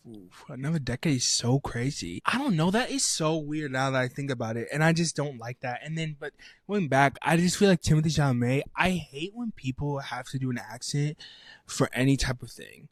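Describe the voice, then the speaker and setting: A young man co-hosting a casual podcast chat, easygoing and quick to laugh and agree. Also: mid-range voice, expressive, no room sound, clean studio sound. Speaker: podcast co-host.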